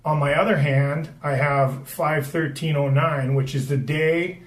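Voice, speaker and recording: A man's voice: fairly high pitch, fairly even intonation, measured pace, far from the mic. A middle-aged man from the Boston area, a retired hockey player, telling stories in a rambling, profane way with many restarts and fillers. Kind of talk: casual storytelling chat. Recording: echoey room, a bit off-mic, faint background noise.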